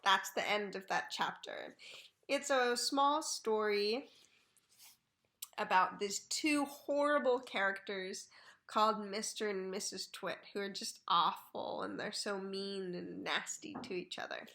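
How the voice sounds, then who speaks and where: A woman reading a children's book aloud for learners, carefully and clearly. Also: medium pitch, a little slow, pushed and bright.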